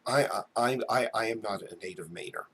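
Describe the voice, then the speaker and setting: A man's voice: on the low side, a little fast, a bit bright, breathy edge. A man from New Jersey hosting a casual live chat, rambling and stammering as he answers viewers. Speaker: livestream host.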